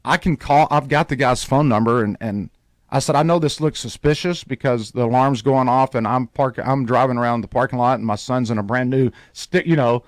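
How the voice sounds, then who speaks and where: Male radio host, lively storyteller, dry close mic. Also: medium pitch, a little fast, dry recording. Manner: animated storyteller, acts out quoted voices.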